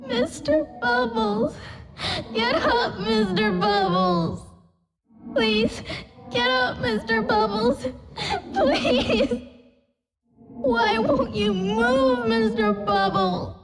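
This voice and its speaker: A very high, bouncy little girl's voice in a video game, sweet but unsettling. She talks slowly and in a childish sing-song that keeps lifting and dipping, with game music playing clearly behind her. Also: big pitch swings, heavily acted. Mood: pleading, tearful. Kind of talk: game voice lines.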